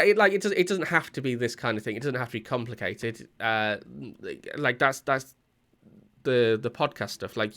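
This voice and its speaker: A man chats loosely on a podcast, hesitating and filling his gaps with "um" and "like." His pitch sits in an ordinary middle range, and he never settles into a prepared script. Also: fairly bright tone. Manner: rambling, hesitant, many fillers. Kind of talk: casual podcast chat.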